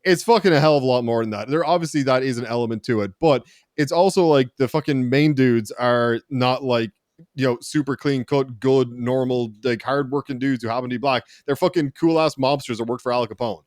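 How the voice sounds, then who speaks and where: A man with an Irish accent, a podcast guest in casual chat, swearing freely as he tells a long, animated story. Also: mid-range voice, a little fast, no room sound, studio quality. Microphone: desk mic in front of a camera with a teleprompter.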